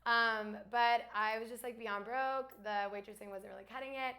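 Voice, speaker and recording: A young woman from Alabama, a guest in a casual chat, talking fast with lots of fillers and laughs. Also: fairly high pitch, fairly even intonation, pushed and bright. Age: young adult.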